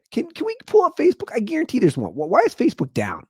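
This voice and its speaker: A man in his thirties hosting his own comedy podcast, rambling through a monologue and jumping into high, incredulous exclamations. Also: huge pitch swings, fairly quick, hardly any pauses, husky, dry recording, clean studio sound.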